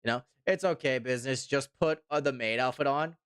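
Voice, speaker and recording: A man's voice: mid-range voice, brisk, fairly bright tone, clean tone, dry recording, clean studio sound. A man in his twenties from Canada, chatting casually on a live stream, rambling and repeating himself while reading chat. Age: 20s.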